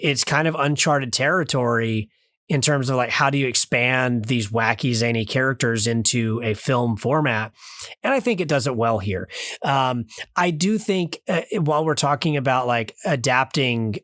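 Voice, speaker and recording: A man's voice: medium pitch, fairly bright tone, dry recording. Rambling man with a dry, close sound. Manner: rambling, hesitant, many fillers and restarts. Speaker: podcast co-host reviewing a film. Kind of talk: casual review chat. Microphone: remote call mic.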